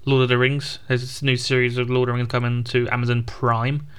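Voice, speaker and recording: A man's voice: medium pitch, completely flat delivery, fairly quick, fairly bright tone, clean tone. A man co-hosting a podcast in casual chat, running through a list with teasing asides. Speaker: podcast co-host.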